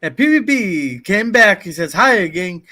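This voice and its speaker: High-voiced man reading stream chat. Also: big pitch swings, normal speed, pushed and bright. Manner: reads viewer comments aloud. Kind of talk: casual livestream chat.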